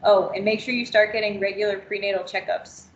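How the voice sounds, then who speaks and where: Woman reading a gentle caring aunt. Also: medium pitch, steady tone, brisk, reverberant, lo-fi sound, slight background noise, lightly acted. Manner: gentle, reassuring. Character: caring middle-aged aunt, supportive.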